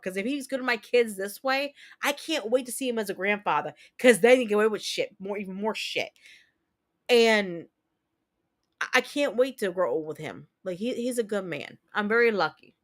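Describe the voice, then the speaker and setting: Woman host in her thirties, casual stream chat, heartfelt and blunt, a little higher-pitched, thick accent. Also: fairly quick. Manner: candid, emotional, repetitive storytelling with mild swearing.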